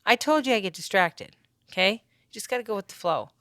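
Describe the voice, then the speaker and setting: A woman talks through her craft project in a loose, joking voice-over, full of self-mocking asides that trail off. Her voice is smooth and clear at a middling pitch. The recording is close-miked and dry. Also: animated, fairly quick, a bit bright, no room sound. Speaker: crafter narrating a build. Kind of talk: casual voice-over narration.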